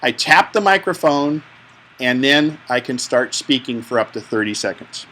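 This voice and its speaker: A man's voice: mid-range voice, lively intonation, normal speed, sharp tone, a little hiss or hum, poor audio. A man teaching a live tech class, explaining step by step in a chatty, joking way. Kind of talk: hands-on tech class instruction.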